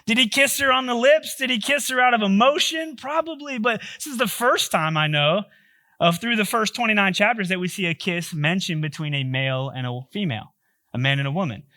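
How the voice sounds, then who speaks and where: A man's voice: high-pitched, brisk, pushed and bright. A male pastor giving a sermon, telling a story in a joking, conversational way.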